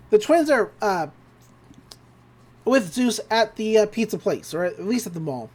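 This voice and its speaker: Speaking unhurriedly with frequent pauses, this man has a high-pitched, slightly mellow voice and lively intonation. He chats casually on a podcast about a cartoon episode, performing the characters' lines in changing voices, laughing a lot and filling gaps with fillers.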